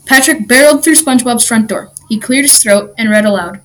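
A woman reading a children's storybook aloud in an animated, expressive way. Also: fairly high pitch, fairly quick, hardly any pauses.

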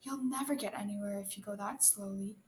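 A woman's voice: mid-range voice, fairly quick, slight background noise, lightly acted. Woman doing a bossy, eager rabbit.

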